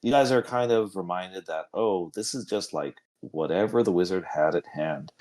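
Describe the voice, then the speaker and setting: A man narrating as game master with halting speech and many fillers. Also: deep voice, darkish tone.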